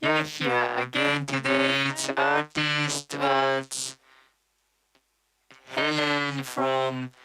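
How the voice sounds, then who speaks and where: A woman's voice: very deep voice, very animated, extremely slow, creaky, bright, forceful tone, low-quality recording. A woman hosting a live music stream, thanking the guest and asking viewers for support. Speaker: show host. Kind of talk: casual hosting.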